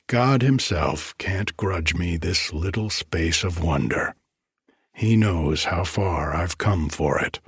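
A man reading as a hushed, haunted English gentleman. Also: low voice, breathy edge, no echo, studio quality, heavily acted. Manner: hushed, halting, with careful restraint. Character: haunted, self-loathing English gentleman, tender and broken. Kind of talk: audiobook reading.

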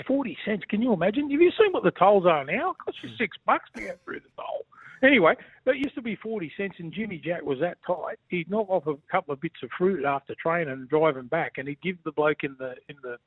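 A rowdy, joking older Australian man comes through a thin, tinny phone line. His voice sits a little high, and he packs every sentence with "mate", with the feel of a man ribbing an old teammate. The sound is dry and close. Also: expressive, fairly quick, husky, no echo. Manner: rowdy, jokey, says mate constantly. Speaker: former rugby league player calling in. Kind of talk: casual banter.

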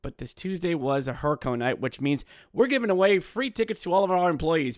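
Animated man ranting on a podcast. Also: fairly high pitch, brisk, no room sound, clean studio sound. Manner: animated, exasperated, mimics other fans. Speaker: podcast host. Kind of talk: solo fan podcast rant.

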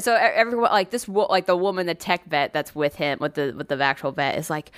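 A woman's voice: lowish voice, animated, a little fast, few pauses, a bit bright, no room sound. A woman co-hosting a podcast, telling a story in casual chat, swearing freely and acting out the voices of the people in it. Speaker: podcast co-host.

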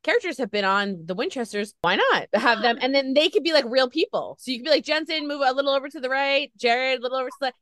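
A woman's voice: high voice, lively intonation, fast talker, hardly any pauses, a bit bright, no echo, studio quality. A woman interviewer chatting casually on a video call, rambling with lots of filler words.

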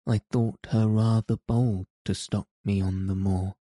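A man's voice: on the low side, flat delivery, a little slow, dark tone, no room sound. A man voicing a weary, troubled middle-aged guardian in an audiobook, distracted and muttering. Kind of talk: audiobook character reading.

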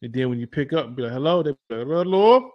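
A man's voice: steady tone, racing. A man hosting a casual chat, restarting his words often and acting out quotes. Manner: stammering restarts, acts out quotes in a high voice. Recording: dull lo-fi sound.

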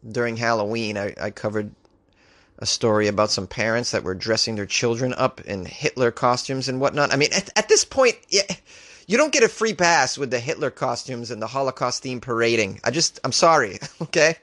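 A man's voice: mid-range voice, expressive, moderate pace, fairly bright tone, dry recording. Sarcastic male news podcast host. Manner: incredulous, ranting, reads stories aloud then riffs. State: a little loopy.

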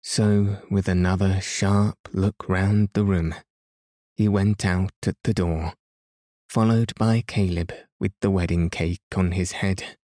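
Slow, deep-voiced man reading a bedtime story. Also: no echo, studio quality. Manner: calm, gentle, unhurried. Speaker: podcast reader.

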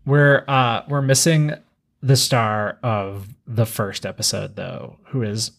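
A man's voice: on the low side, steady tone, takes it slowly, creaky, a bit bright. A man co-hosting a podcast, casually and wryly retelling scenes from a cartoon series. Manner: wry, analytical, retelling scenes. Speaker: podcast co-host. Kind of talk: casual chat recapping a cartoon.

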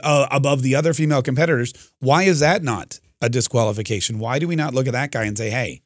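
A man's voice: medium pitch, no echo, studio quality. Combative male talk radio host. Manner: combative, restarts often, quick bursts. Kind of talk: opinionated talk radio monologue.

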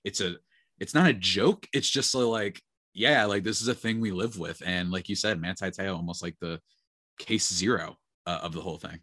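Speaking at a normal speed, this man has a low, bright voice with a forceful edge. He's co-hosting a podcast, chatting casually and meandering with plenty of fillers. The sound is dry and studio quality.

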